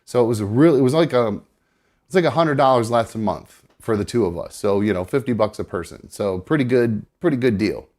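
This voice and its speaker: A man's voice: mid-range voice, lively intonation, brisk, darkish tone. A man hosting a live show from a studio, telling a rambling personal story in casual chat. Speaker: podcast host.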